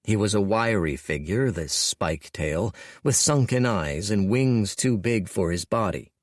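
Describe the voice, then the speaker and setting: A man narrating an audiobook in a measured, wry storytelling manner. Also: on the low side, animated, dry recording, clean studio sound. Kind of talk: scripted narration.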